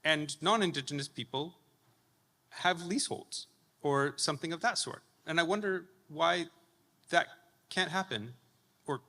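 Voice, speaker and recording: A man with a fairly high, bright voice asks the panel an earnest question from the floor, starting with a few hesitations. The hall's long reverb follows his words. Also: measured pace, long pauses. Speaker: audience member asking a question. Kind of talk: public Q&A question. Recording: reverberant conference hall.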